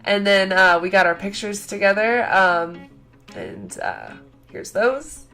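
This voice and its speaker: A young woman vlogging in casual chat, gushing and excitable, full of "like" fillers. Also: medium pitch, slow, gravelly, faint music behind.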